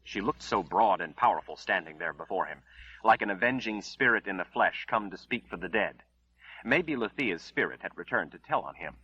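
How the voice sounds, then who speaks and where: Casting: male audiobook narrator, low, husky, bright-edged, dull lo-fi recording. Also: no room sound. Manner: measured, dramatic storytelling. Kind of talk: scripted dramatic narration.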